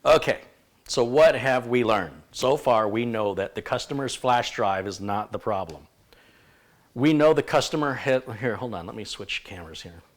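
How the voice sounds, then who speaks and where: A man's voice: medium pitch, expressive, moderate pace. A man hosting a live computer repair stream, thinking aloud and rambling with frequent self-corrections as he diagnoses a PC.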